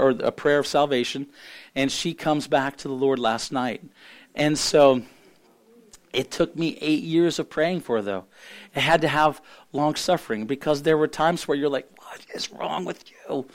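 A hoarse middle-aged man preaches a sermon, his worn voice sitting a little high for a man. He is earnest and halting, often restarting his sentences as he works through his point. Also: a little mellow. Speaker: pastor.

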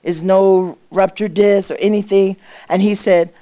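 A middle-aged woman sharing a church testimony, telling her story with reenacted dialogue and moving between hushed, tearful quiet and loud exclamations. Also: medium pitch, steady tone, measured pace. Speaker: guest speaker sharing a testimony.

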